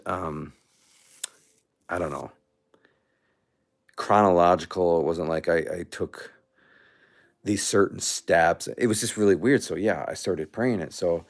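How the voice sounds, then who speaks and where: A man hosting a casual livestream, out of breath and rambling with many restarts. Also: deep voice. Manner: rambling, animated, restarts often. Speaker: livestream host.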